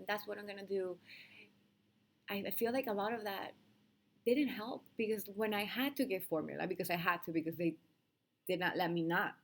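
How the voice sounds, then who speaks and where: Gravelly-voiced woman, candid and emotional. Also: on the low side. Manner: emotional, earnest, rambling with restarts and soft laughs. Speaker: vlogger sharing her birth story. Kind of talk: candid unscripted monologue to camera.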